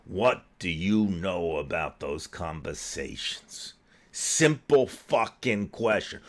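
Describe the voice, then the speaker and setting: A middle-aged man with a Philadelphia accent rants about politics. He swears constantly and gets heated. His delivery is slow and drawn out. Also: low-pitched, expressive. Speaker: political commentary host. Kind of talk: angry profane rant.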